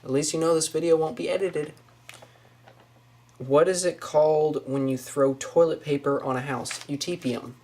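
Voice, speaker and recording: A woman's voice: low-pitched, steady tone, moderate pace, dark tone, a little hiss or hum. A young woman with a Northwest Florida Southern accent, musing casually over a list of words in her apartment, saying each word and then commenting on it. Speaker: vlogger. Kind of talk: casual accent-tag video. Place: small apartment indoors.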